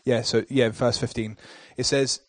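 A male pastor preaches a sermon in a rhythmic, repetitive cadence that builds toward forceful declarations. His mid-range voice shows little pitch movement and stays unhurried, with no echo in the recording.

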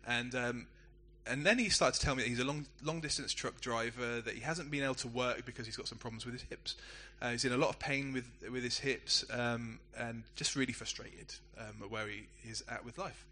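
Pastor, male, middle-aged; bright forward voice; chatty story-led preaching. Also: mid-range voice, brisk, hardly any pauses, a little hiss or hum. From England. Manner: conversational, self-deprecating storytelling. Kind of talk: sermon.

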